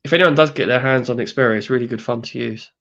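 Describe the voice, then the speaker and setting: A man talking as a guest in casual chat, relaxed and hesitant, pausing often with ums. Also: mid-range voice, creaky. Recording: dull lo-fi audio.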